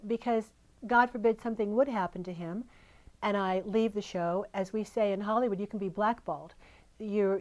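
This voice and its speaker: A woman's voice: mid-range voice, darkish tone. Earnest older woman in interview. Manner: earnest, emotional, fond. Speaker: interview guest. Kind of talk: candid interview. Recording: radio studio interview.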